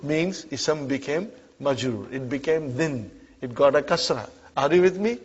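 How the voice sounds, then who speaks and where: A man's voice: on the high side, expressive, measured pace, breathy edge. A man teaching Arabic to a class, drilling call-and-response phrases and often checking that students are following. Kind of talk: classroom lesson. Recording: muffled lo-fi classroom recording.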